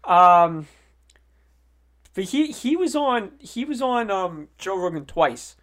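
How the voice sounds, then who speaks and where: A young man co-hosting a podcast in casual chat, lively and full of stammered restarts. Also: high voice, slow pace. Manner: animated, stammering restarts, acts out quoted voices. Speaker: podcast co-host.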